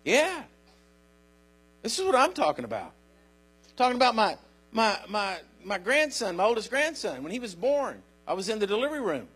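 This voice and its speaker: A man's voice: sits high, wildly swooping pitch, moderate pace, fairly bright tone, husky. An older man preaching a sermon, telling folksy stories and calling out to his congregation with repeated phrases. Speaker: minister.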